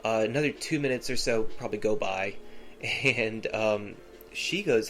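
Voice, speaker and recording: A man's voice: on the low side, measured pace, a bit bright, faint music behind. A man hosting a podcast, telling a personal story in a rambling, casual way full of fillers and restarts. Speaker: podcast host.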